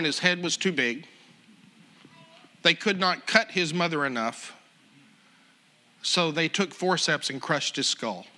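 Man, preacher, storytelling sermon, bright piercing tone, fairly high voice. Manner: animated, chuckling storyteller who acts out voices.

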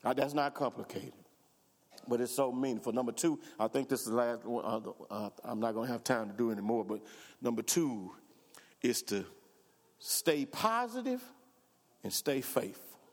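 A man's voice: medium pitch, steady tone, fairly quick, a little mellow. A man preaching a sermon as pastor, with rising fervor, acting out the voices of worried congregants and their prayers. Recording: reverberant hall.

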